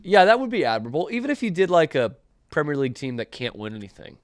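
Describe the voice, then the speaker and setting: Animated man hosting a sports podcast. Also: on the high side, no room sound, studio quality. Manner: sarcastic, quick to tease. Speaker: podcast host. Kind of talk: casual sports chat.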